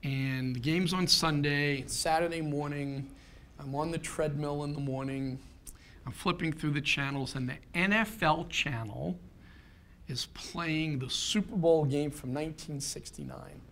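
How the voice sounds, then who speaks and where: A man's voice: on the high side, measured pace, fairly bright tone. A man in his fifties giving a keynote talk, telling a personal story in an earnest way and building to rhetorical questions. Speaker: keynote speaker.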